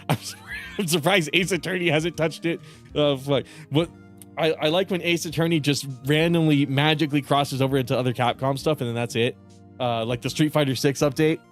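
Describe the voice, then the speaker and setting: A man streaming a video game in casual commentary, joking, swearing a lot and laughing often. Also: on the high side. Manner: profane, joking, frequent laughter. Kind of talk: casual gaming livestream commentary.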